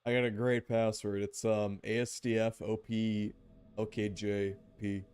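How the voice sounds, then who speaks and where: A man's voice: lowish voice, little pitch movement, unhurried, a little mellow, clean tone. A man streaming a game, chatting casually, joking and swearing now and then. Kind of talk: casual gameplay commentary.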